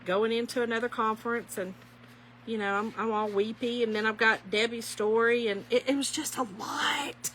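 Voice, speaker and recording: A woman telling stories to her viewers as she crafts, folksy and animated, calling them y'all. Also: a little high, moderate pace, a little hiss or hum. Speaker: craft vlogger. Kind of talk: chatty storytelling while crafting.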